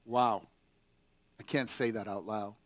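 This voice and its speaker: A man's voice: on the low side, fairly even intonation, takes it slowly. A man telling a story in a casual, chatty way, full of fillers and wry asides.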